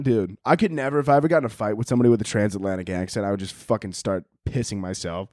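A man riffs loosely on a comedy podcast, swearing freely and cracking himself up as he rambles. His voice sits at an ordinary pitch for a man. The recording is dry and close, with no room sound. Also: a little fast, darkish tone, no echo. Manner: profane, rambling, laughs at own jokes. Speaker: podcast host. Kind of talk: casual comedic rant.

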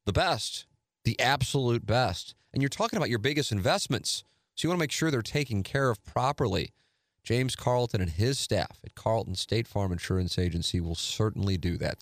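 A middle-aged man hosting his own podcast, talking in a calm, measured, conversational way. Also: on the low side, no room sound. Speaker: podcast host. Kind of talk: casual solo talk and live read.

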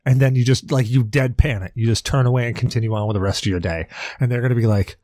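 A man's voice: mid-range voice, fast talker, darkish tone, no room sound, studio quality. A man co-hosting a podcast in casual chat, rambling and joking with plenty of swearing. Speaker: podcast co-host.

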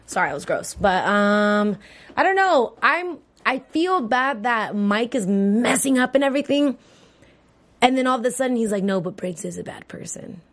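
A woman's voice: a little high, expressive, moderate pace, a bit bright. Woman co-host, casual recap chat, rambling and chatty.

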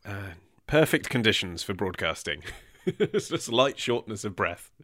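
A man's voice: fairly low pitch, sing-song, normal speed, sharp tone, no echo, clean studio sound. An English man hosting a podcast in casual chat, wry and self-deprecating, slightly out of breath. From England. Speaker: podcast host.

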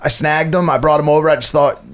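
A man as a guest in a casual podcast chat, bantering quickly and swearing, earnest when he gets serious. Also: on the high side, steady tone, fairly bright tone. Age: older.

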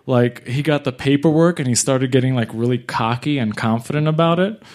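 Young guy doing a live comedy story, lively, jumps into other people's voices. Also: mid-range voice. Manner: animated, acts out other people's lines in quick bursts. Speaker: stand-up comic telling a live story. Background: audience laughter.

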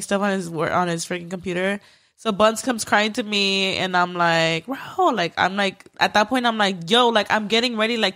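A young woman co-hosting a podcast, telling a story in casual chat with lots of fillers and cursing. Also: mid-range voice. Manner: animated storytelling, swears freely, lots of fillers. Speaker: podcast co-host.

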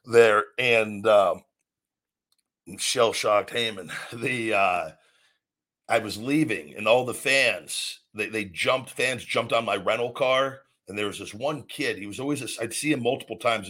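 A man's voice: fairly low pitch, bright, forceful tone. A man hosting a call-in show, telling stories bluntly and swearing freely. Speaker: podcast host taking callers. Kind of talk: casual profane storytelling.

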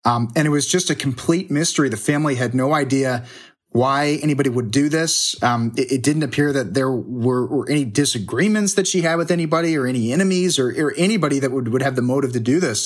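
A man's voice: mid-range voice, brisk. A man who works as a TV news reporter, a guest on a remote call, talking casually and hesitantly with many restarts. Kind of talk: casual interview. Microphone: remote connection.

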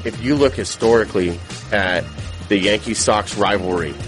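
Earnest low-voiced male sports fan. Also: moderate pace, over music. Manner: earnest and warmly fervent. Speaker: interviewee, devoted sports fan. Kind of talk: interview storytelling.

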